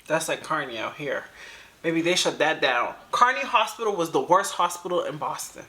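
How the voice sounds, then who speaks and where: A woman's voice: low-pitched, expressive, moderate pace, pushed and bright. A woman hosting a reaction video, commenting emphatically in casual slang.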